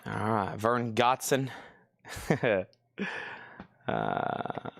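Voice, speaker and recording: A man with a Southern Tennessee accent hosting a live-stream record sale, calling out prices briskly with joking asides. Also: lowish voice, wildly swooping pitch, creaky, a bit bright, no room sound, clean studio sound.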